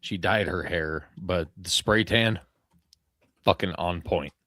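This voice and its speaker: Deep-voiced man joking crudely. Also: slow pace, a bit bright, no room sound, clean studio sound. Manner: crude, joking, laid-back. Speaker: podcast host. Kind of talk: casual banter among friends.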